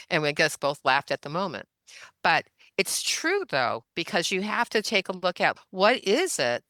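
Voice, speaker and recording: Bright, crisp-voiced woman in her seventies. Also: fairly low pitch, no room sound. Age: 70s. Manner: chatty, anecdotal, laughs often. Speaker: guest. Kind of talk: casual storytelling interview.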